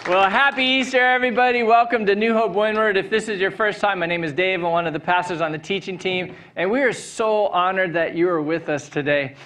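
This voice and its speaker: A pastor with a fairly high, light voice delivers an Easter sermon from a church stage. His talk is friendly and upbeat, and he laughs easily through a personal anecdote. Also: a little fast, hardly any pauses, a bit bright, slight background noise. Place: church stage before a live congregation.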